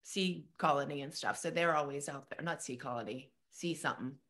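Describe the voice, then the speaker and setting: A woman's voice: low-pitched, brisk, a bit bright. A middle-aged woman co-hosting a podcast, telling a rambling, emotional story in casual chat. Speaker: podcast co-host.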